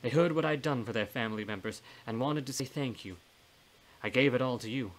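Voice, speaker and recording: A man's voice: mid-range voice, fairly quick, close to an everyday voice. A man voicing a blunt, folksy older woman's ghost in a storybook reading, with a plain-spoken, scolding manner. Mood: urging.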